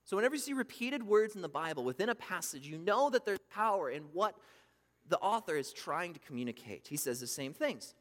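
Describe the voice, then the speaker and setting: A man preaching a sermon, emphatic, swinging between loud bursts and hushed asides. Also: high voice, sing-song, fairly quick. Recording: long reverb from a hall.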